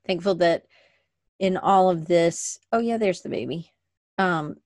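Her voice low and a little mellow, this woman talks unhurriedly with no echo. She's a podcast host on a casual desk livestream picked up by a webcam, rambling chattily, restarting sentences and shifting around at her desk.

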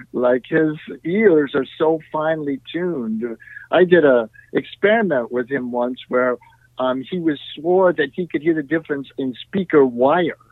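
Guy telling stories in an interview, kinda high voice, tinny dry phone sound. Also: a little slow, dry recording. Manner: animated, tag questions, frequent "you know". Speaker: guest musician. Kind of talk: storytelling in a podcast interview.

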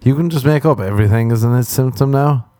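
A man's voice: medium pitch, a little fast, warm tone, no room sound. A young man hosting a solo podcast, telling rambling stories full of swearing and acting out other people's lines. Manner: swearing, storytelling, acts out other voices. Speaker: podcast host. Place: Los Angeles.

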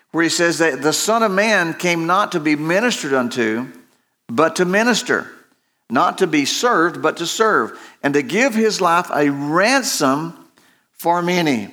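A man preaching a sermon as pastor, slow and emphatic, often repeating phrases and restarting. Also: a little high, a bit bright.

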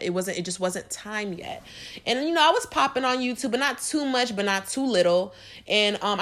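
A young woman hosting a podcast, talking earnestly and emotionally about faith straight to her listeners. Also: medium pitch. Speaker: podcast host. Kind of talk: heartfelt faith talk.

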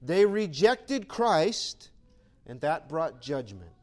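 A man preaching a sermon with a high, lively voice that swoops up and down. He talks to his church in an animated, conversational way and now and then acts out imagined voices. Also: takes it slowly. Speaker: pastor.

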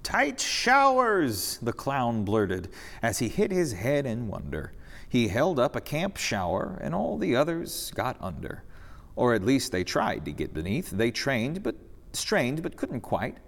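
A man reading a rhyming story aloud during a church service, expressive and sing-song, in a reverberant sanctuary. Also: mid-range voice, measured pace.

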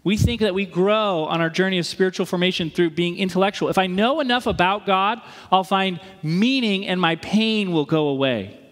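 Pastor, male, 30s, light high voice, chatty storyteller, big echoing hall. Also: moderate pace, few pauses. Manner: conversational storytelling with playful asides. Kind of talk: sermon. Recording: long reverb of a big hall.

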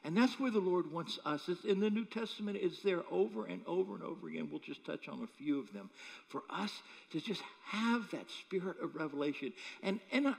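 Animated preaching man in a hall. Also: high-pitched, brisk, gravelly. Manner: animated, humorous storytelling with chuckles. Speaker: pastor. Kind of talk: sermon. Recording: echoey hall.

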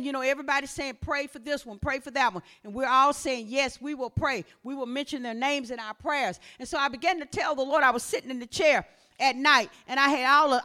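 A woman preaching, swinging from quiet talk to shouted exhortation. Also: brisk. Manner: impassioned, rising to shouts then dropping low.

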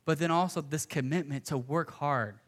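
A man's voice: a little high, normal speed, a bit bright. Earnest conversational young male preacher. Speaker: pastor. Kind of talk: sermon.

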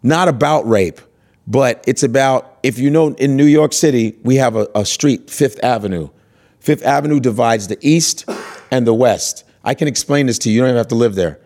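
This American comic, a man with a medium pitch and moderate pace, spins stories conversationally. Lively and foul-mouthed, he impersonates the characters he describes.

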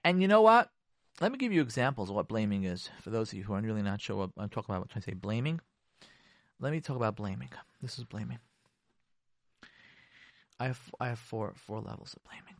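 A man hosting a radio talk show on marriage, animated and emphatic, repeating his points and acting out mocking quotes. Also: medium pitch, no room sound, studio quality. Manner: repetitive, emphatic.

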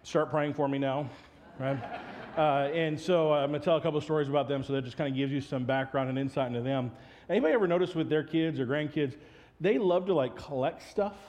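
A man's voice: a little high, fairly even intonation, quick pace, darkish tone. A male pastor giving a sermon, mixing funny family stories with earnest teaching. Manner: humorous storytelling, then earnest teaching.

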